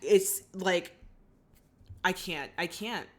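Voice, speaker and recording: A woman hosting her channel, recapping a film in casual chat, animated and opinionated, acting out the characters' lines. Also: lowish voice, extremely slow. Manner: opinionated, chatty. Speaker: channel host. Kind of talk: casual movie reaction recap.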